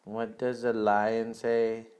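A young father at home, patiently quizzing his toddler with simple questions and giving warm praise. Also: fairly low pitch, little pitch movement, slow pace, clean tone. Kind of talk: home video, casual parent talk.

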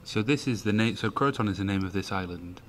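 A man's voice: on the low side, fast talker. Upbeat young English man, noisy outdoors. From England. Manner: chatty and upbeat. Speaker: travel vlogger. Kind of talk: casual chat. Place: outdoors and in a car. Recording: outdoor noise and traffic.

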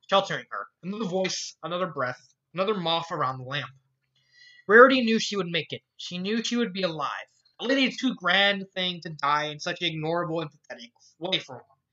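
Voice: medium pitch, bright, forceful tone, highs cut off. A fan fiction reader narrating a story aloud, often stumbling and restarting lines, with the odd swearing aside. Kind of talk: amateur fan fiction reading.

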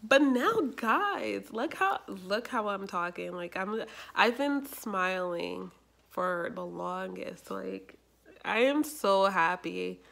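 A young adult woman chatting casually in a vlog, rambling and animated, with lots of fillers. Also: medium pitch, slow pace, gravelly. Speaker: YouTuber.

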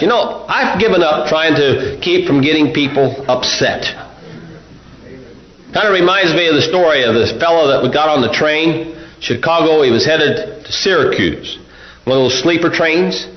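A male pastor preaching a sermon, mixing folksy stories with forceful preaching. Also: a little high, normal speed. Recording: roomy, dull lo-fi recording.

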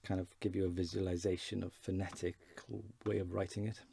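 A man giving an informal beginner language lesson, slowly modelling words for learners to repeat. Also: deep voice, level tone, gravelly, mellow, slight background noise. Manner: slow, careful pronunciation drills. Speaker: Welsh language teacher.

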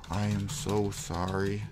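Guy doing dramatic gaming commentary, gravelly voice, drawn out and slow, lots of big sighs and fake despair. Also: lowish voice. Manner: theatrical self-pitying despair with heavy sighs. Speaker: gameplay video creator. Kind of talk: melodramatic gameplay commentary.

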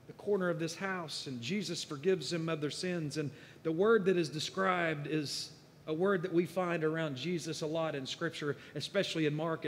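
A man preaching a sermon in a conversational way, building to emphatic bursts and then dropping low and quiet. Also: a little hiss or hum. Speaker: guest preacher. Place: church sanctuary. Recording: church hall reverb.

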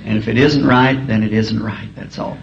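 A man's voice: on the low side, fairly even intonation, moderate pace, vocal fry. A man preaching a sermon in a school auditorium, telling folksy, humorous stories. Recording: dull archival tape, faint hiss.

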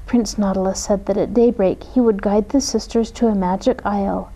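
A woman reading a children's storybook aloud in a gentle, expressive way. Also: mid-range voice, normal speed, low-quality recording.

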